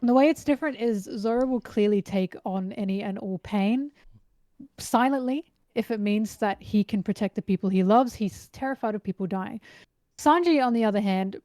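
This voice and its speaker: A woman talks in a casual podcast chat, eagerly breaking down scenes and characters. Her voice sits in a middle pitch. The sound is close and dry, with no room around it. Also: moderate pace, no room sound. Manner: animated, analytical, retells scenes. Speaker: guest.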